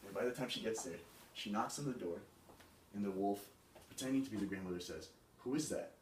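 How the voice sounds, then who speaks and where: A man's voice: lowish voice, fast. A young man casually telling a fairy tale aloud as a student storyteller, in a loose conversational way. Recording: echoey room, mic far off, faint hiss.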